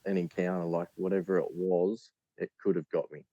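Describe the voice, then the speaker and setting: A deep-voiced Australian man tells a story in a loose, rambling way, with filler words running through it. His audio is dry and a little dull and lo-fi, as if from a cheap remote setup. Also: flat delivery, moderate pace, dark tone, no echo. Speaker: podcast guest. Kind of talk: casual storytelling.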